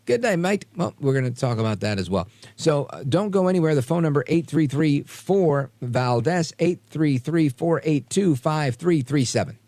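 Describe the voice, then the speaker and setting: Male talk radio host, gravelly, lively, sarcastic, dry studio sound. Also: a little high, moderate pace, few pauses, dry recording. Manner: sarcastic, animated, mocks quoted voices.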